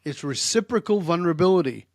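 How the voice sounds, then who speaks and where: Talking fast on the high side, an older man serves as a guest expert in a podcast interview. He's direct, emphatic and animated as he tells stories; the sound is studio quality without echo.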